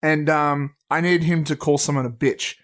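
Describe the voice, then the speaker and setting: A man's voice: a little high, fairly even intonation, moderate pace, a bit bright. Rambling, cursing podcast guy. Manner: rambling, swears freely, laughs often. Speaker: podcast co-host. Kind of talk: casual movie podcast chat.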